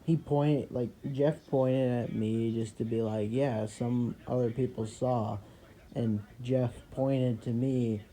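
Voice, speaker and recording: A man casually chiming in with his own memory of the story, relaxed and a bit hesitant. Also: mid-range voice, slow, low-quality recording. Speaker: friend chiming in. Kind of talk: casual aside.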